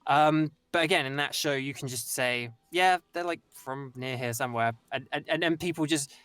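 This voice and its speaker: A young man from the north of England talks in a loose, meandering way, circling back with restarts and fillers. His voice sits at a middle pitch. The sound is dry, with no room around it. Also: moderate pace, fairly bright tone, clear, resonant tone, no echo. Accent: Northern English. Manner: rambling, many restarts and "like". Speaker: voice actor guest. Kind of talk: casual conversation.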